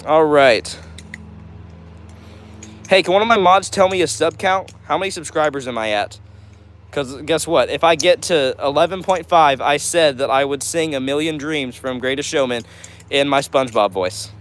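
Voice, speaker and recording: A man's voice: a little high, moderate pace, a bit bright. A man hosting a casual livestream, reading out chat comments in a chatty, upbeat way and often saying "all right". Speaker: livestream host.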